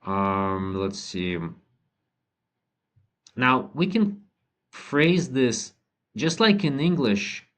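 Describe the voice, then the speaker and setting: A man teaching a language lesson, thinking aloud with frequent ums and restarts and reading model sentences slowly. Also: mid-range voice, big pitch swings. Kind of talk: relaxed spoken lesson.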